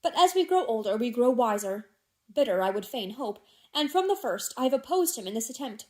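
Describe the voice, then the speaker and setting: Scheming older gentleman, silky and falsely tender, read by a woman, audiobook. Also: a little high, very animated, brisk. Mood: persuasive.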